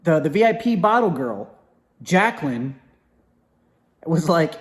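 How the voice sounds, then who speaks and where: A young man tells a personal story in a loose, casual way, with a voice that sits a bit high for a man. He keeps stopping to restart his sentences and drops into quick impressions of the people he talks about. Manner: animated, acts out quoted voices, many fillers and restarts.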